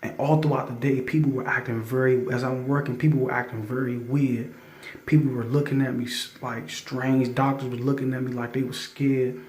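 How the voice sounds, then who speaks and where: A man telling a spiritual testimony in casual talk, stammering through restarts and breaking into loud scripture readings. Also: mid-range voice, flat delivery, fairly quick. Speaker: testimony storyteller. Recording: roomy echo.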